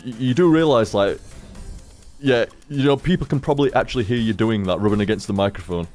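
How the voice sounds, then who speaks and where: A man's voice: medium pitch, a little fast, darkish tone, soft background music. A young man streaming from home into a desk microphone, rambling casually, swearing freely and chatting to his cat. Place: home room. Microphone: studio microphone on a desk stand.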